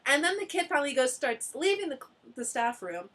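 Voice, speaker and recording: Animated woman telling stories, laughing often. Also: high-pitched, a little fast, slight background noise. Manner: animated storyteller, acts out quotes, laughs often. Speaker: ALT teacher sharing stories. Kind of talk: casual chat among friends.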